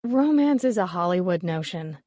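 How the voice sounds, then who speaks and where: A woman reading the part of a dismissive, sharp-tongued woman appraiser, with a wry, offhand delivery. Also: fairly low pitch, expressive, normal speed, dry recording, clean studio sound.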